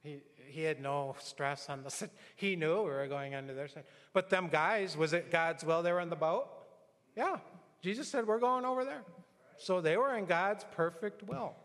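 Man, sermon, conversational preacher, church hall reverb, somewhat high voice. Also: moderate pace, a bit bright. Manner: conversational preaching with anecdotes and acted quotes. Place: church sanctuary.

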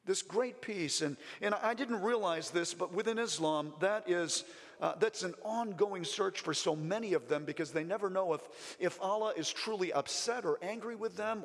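High-voiced fervent male preacher, hall reverb. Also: fairly bright tone. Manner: fervent, with frequent restarts and praise interjections. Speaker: missionary preacher. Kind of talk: missionary report sermon. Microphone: presentation mic in front of an audience. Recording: long reverb in a large hall.

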